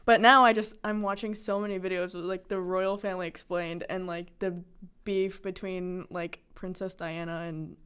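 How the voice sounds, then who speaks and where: A teenage girl, a high school student, chatting casually and telling rambling stories full of fillers. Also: little pitch movement, moderate pace, fairly bright tone, smooth. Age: teens. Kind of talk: casual chat.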